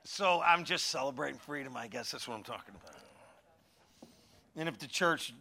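A middle-aged man preaching a conversational sermon with humorous stories, animated, moving from loud calls to hushed asides. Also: mid-range voice, normal speed, gravelly, pauses often. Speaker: pastor.

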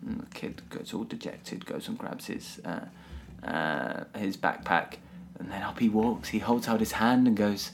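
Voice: deep voice, fairly even intonation, unhurried, a bit bright, a little hiss or hum. A podcast co-host, casually recapping a musical, swearing and laughing as they retell scenes. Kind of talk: casual chat reviewing a musical.

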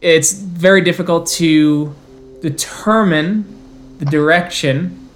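A man narrating as storyteller of a tabletop game, dramatic and slowing down for eerie scenes. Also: on the high side.

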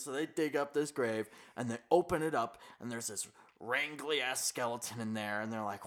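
A man's voice: mid-range voice, moderate pace, hardly any pauses, fairly bright tone. A young man casually retelling a horror story on a podcast, swearing freely and laughing as he goes. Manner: profane, laughing, slangy storytelling. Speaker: podcast co-host. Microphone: podcast microphone, gain problems.

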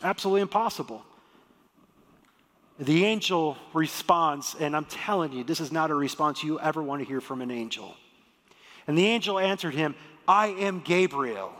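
A man preaching a sermon as the pastor, lively and joking as he tells the story. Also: fairly high pitch, normal speed. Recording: long hall reverb.

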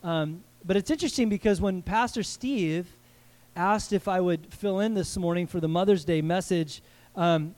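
A middle-aged man filling in as guest pastor, preaching a sermon in a conversational way with joking asides and quick restarts. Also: high voice, darkish tone. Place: church service.

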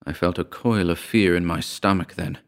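A man reading a horror short story aloud in a measured, grave storytelling manner. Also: deep voice, steady tone. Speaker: narrator. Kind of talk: scripted horror narration.

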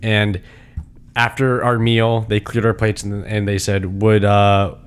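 A man with a fairly low voice talking casually on a podcast. He is animated and acts out a posh waiter in little bursts. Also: unhurried, slight background noise. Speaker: podcast co-host. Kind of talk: casual chat.

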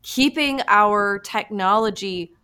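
A woman in her thirties hosting a podcast, chatty and animated with lots of "like" and quick asides. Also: mid-range voice, smooth. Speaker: podcast host. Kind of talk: casual podcast conversation.

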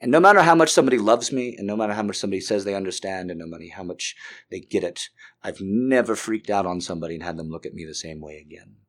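Intense, low-voiced man confessing. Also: expressive, fast. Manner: intense, emphatic, swings from hushed to loud. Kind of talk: confessional monologue.

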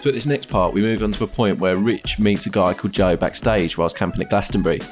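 A man hosting a podcast, giving a measured scripted narration and asking questions. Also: deep voice. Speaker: podcast host. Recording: narration with music bed.

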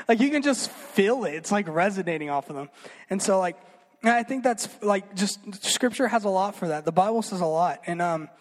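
Young man, high voice, casual filler-laden sermon, long hall reverb. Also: fairly quick. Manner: chatty, filler-heavy, animated storytelling. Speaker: youth speaker.

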